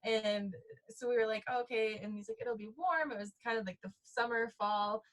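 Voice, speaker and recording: A woman's voice: fairly high pitch, moderate pace, rough recording. A woman telling her side of a story as a podcast guest, often laughing as she talks. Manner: giggly, animated. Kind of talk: casual storytelling.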